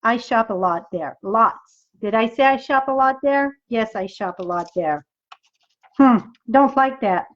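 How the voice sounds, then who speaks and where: During a live-streamed crafting demo, a middle-aged French Canadian woman with a French accent chats with viewers while making cards, thinking aloud as she works. Her voice is on the high side and expressive, at a measured pace, with lo-fi sound.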